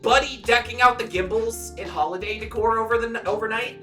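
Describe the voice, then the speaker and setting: A man's voice: sits high, fairly quick, bright, forceful tone, far from the mic, soft background music. A man co-hosting a podcast, reviewing a movie in a casual chat with profane, jokey enthusiasm. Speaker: podcast co-host.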